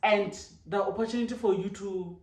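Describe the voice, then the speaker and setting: Animated woman, roomy and distant. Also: medium pitch, normal speed. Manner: animated, code-switching storyteller. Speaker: podcast co-host. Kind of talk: casual chat. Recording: echoey room from far off.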